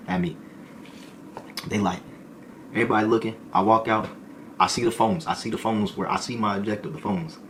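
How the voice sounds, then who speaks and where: A streamer with a low voice tells a casual story at a quick clip, speaking in loose, slangy bursts. He sometimes slips into other people's voices, and a faint hum runs beneath the recording.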